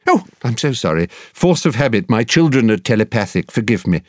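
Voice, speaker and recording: A man voicing a polite, fussy young male solicitor who speaks in a deadpan, courteous way in a storybook reading. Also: medium pitch, brisk, dry recording, clean studio sound.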